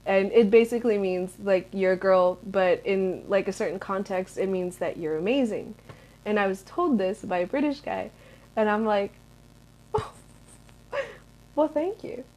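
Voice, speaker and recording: A young American woman in her twenties answers viewer questions in a rambling, chatty vlog full of fillers. Her voice is medium-pitched and a little mellow, and she talks at a moderate pace. It's a casual Q&A chat.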